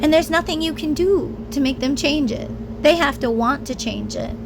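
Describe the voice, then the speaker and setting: A woman vlogger with a high voice speaks in a candid, rambling monologue. She is emphatic and slips into the voices she quotes. Steady background noise sits under her voice. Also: moderate pace, gravelly.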